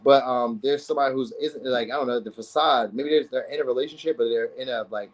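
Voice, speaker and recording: Male tarot reader, rapid-fire casual ramble, slangy, lots of fillers. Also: mid-range voice, poor audio. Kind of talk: casual tarot reading to viewers.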